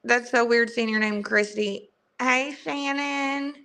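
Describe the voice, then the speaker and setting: Young Southern woman host, bright clear voice, unhurried casual livestream chat. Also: a little high, fairly even intonation. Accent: strong Southern US. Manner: chatty, greets viewers by name.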